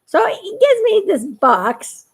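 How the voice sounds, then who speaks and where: A woman's voice: extremely high pitch, big pitch swings, slow. A woman chatting casually to her viewers, telling a story and laughing often. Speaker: YouTube cartoon maker.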